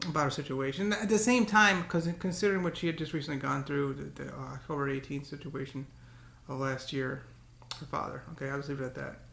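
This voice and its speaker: A man's voice: medium pitch, steady tone, fairly quick, vocal fry, few pauses, fairly bright tone, reverberant. A man talking to the camera in a casual, rambling monologue, often repeating words and breaking into cursing rants. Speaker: vlogger.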